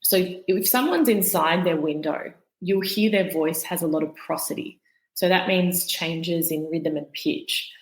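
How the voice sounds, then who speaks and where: A woman, a guest expert on the nervous system, explaining calmly and patiently in a podcast interview, walking through everyday examples. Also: lowish voice, a little slow, roomy sound, poor audio.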